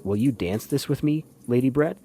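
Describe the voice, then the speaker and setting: A man's voice: mid-range voice, lively intonation, moderate pace, dark tone, breathy edge, pitched above the performer's own voice. A man reading an eager, earnest young man in an audiobook. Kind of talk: audiobook character voice.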